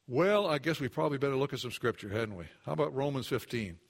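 A man preaching a sermon in an earnest, conversational way, dropping his voice low for emphasis and rising when he acts out a doubter's words. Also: animated, fast, vocal fry, few pauses. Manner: occasional restarts, conversational asides. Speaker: pastor.

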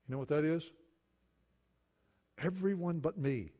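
A middle-aged male pastor preaching a sermon earnestly, moving between hushed prayerful passages and emphatic points. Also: fairly high pitch, measured pace, muffled recording.

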